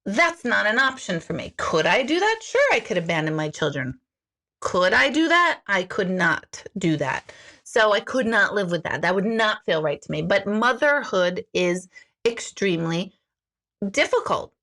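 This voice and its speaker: A woman in her forties, an intuitive life coach, chatting candidly with viewers in a sarcastic, jokey way and swearing freely. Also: medium pitch. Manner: animated, jumps between comments. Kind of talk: casual live chat answering viewer comments.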